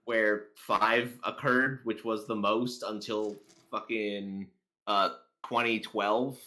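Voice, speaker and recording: A man co-hosting a casual political commentary chat, often pausing with fillers as he reads through numbers. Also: lowish voice, level tone, pushed and bright. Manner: reads out statistics haltingly, many fillers. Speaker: co-host.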